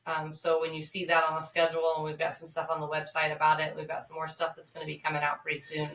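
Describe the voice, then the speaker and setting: A woman's voice: sits low, completely flat delivery, fast talker, fairly bright tone, far from the mic. A woman co-hosting a podcast, chatting casually and promoting events with plenty of fillers. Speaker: podcast co-host. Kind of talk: casual chat. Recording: roomy, off-mic sound.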